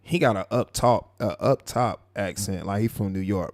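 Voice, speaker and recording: A man hosting a live stream, commenting on a clip in a mocking, animated way. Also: lowish voice, no room sound, studio quality. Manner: mocking, animated, drawn-out asides. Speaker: live show host.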